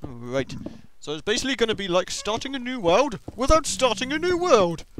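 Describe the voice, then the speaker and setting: A young man giving excitable let's-play commentary on a game, talking to himself and to the monsters. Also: very high-pitched, normal speed, slight background noise. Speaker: gaming video host.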